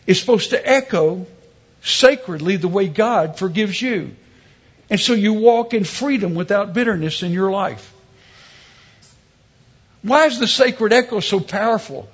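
High, husky-voiced man preaching. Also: highs cut off. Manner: storytelling with humor, emphatic preaching. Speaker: pastor. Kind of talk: sermon.

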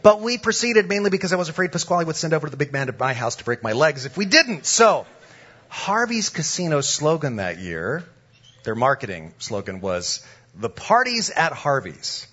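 Animated man preaching a story sermon. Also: fairly high pitch, a little fast, breathy edge, highs cut off. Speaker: pastor.

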